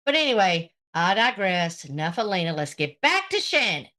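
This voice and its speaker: A woman's voice: fairly low pitch, big pitch swings, moderate pace, sharp tone. A woman hosting a livestream, ranting at a rival in a profane, confrontational and sarcastic way while greeting her chat. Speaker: livestream host. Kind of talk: livestream rant addressing chat.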